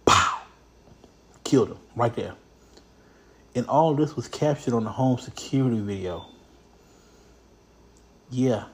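A man hosting a show, giving casual, comedic commentary on news stories in a blunt, profane, animated way. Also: medium pitch, unhurried, long pauses.

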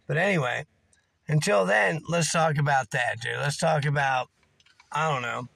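A man hosting a podcast in a loud, profane, rowdy rant at home. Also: fairly high pitch, moderate pace, gravelly, dry recording. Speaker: podcast host. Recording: rock music blaring behind. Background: loud rock music.

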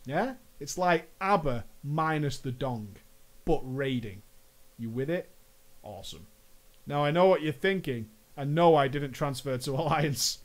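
A man's voice: a little high, lively intonation. A young American man with an American accent telling a gaming story in a casual, joking monologue with mock-dramatic asides. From United States. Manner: playful, jokey asides, drawn-out mock-dramatic phrases. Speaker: gaming vlogger.

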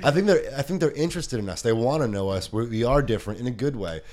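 A man's voice: mid-range voice, quick pace, a crowd in the background. A young man from New Jersey co-hosting a podcast, rambling and swearing through casual stories. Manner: rambling, swearing, animated storytelling. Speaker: podcast co-host. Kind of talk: casual banter.

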